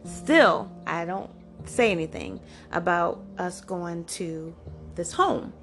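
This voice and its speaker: A woman in her forties tells a personal story on her podcast, animated and chatty, with plenty of "like" and "you know". Her voice carries a gravelly edge of vocal fry. Music plays clearly beneath her voice throughout. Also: lowish voice, takes it slowly. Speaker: podcast host. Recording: music playing underneath. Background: background music.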